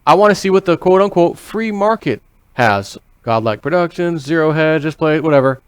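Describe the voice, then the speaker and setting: A man from the US with a slightly high, smooth and expressive voice rambles casually at normal speed, with no echo. As a vlogger, he repeats himself, swears casually and performs his inner thoughts as quoted voices.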